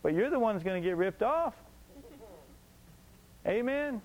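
A man's voice: high-pitched, lively intonation, measured pace, a little mellow, muffled recording. A man preaching a sermon emphatically, repeating his points and asking the congregation rhetorical questions.

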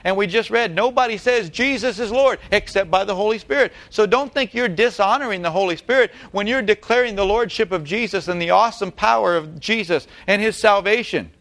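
A man's voice: high voice, a little fast, hardly any pauses, fairly bright tone. A man preaching a sermon, emphatic and repeating key phrases, putting rhetorical questions to his congregation. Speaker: pastor.

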